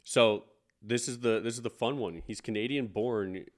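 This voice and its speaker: Young male host, loose and jokey, slightly low pitch, casual podcast banter. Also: normal speed. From northwestern United States. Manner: laid-back, swears freely, joking. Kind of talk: casual chat.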